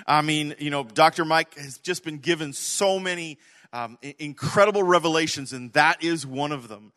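A man preaching a sermon, telling an animated story, swinging from loud to hushed. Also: a little high, normal speed. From Canada. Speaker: pastor.

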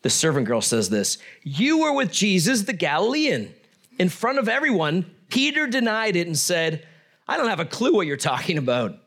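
This voice belongs to a middle-aged man preaching. His pitch sits a little higher than usual for a man. He moves between reading scripture and relaxed, joking conversation with his listeners. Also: moderate pace. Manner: conversational, joking asides with laughter. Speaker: pastor. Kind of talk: sermon.

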